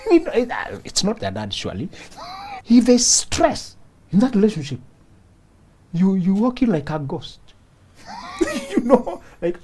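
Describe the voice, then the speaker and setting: A man's voice: high-pitched, wildly swooping pitch, unhurried, pauses often, darkish tone. A man hosting a relationship talk show, giving advice in a preachy, repetitive way and often laughing as he acts out little scenes. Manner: preachy, repeats points for emphasis.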